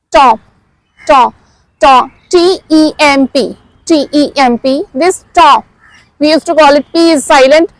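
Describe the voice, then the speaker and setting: A woman teaches vocabulary, drilling each word several times and praising the learner. Her voice sits very high, and she speaks at an unhurried, very slow pace. The recording is dry and close. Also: fairly bright tone, no room sound, poor audio. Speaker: language teacher. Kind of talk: slow, repetitive language lesson.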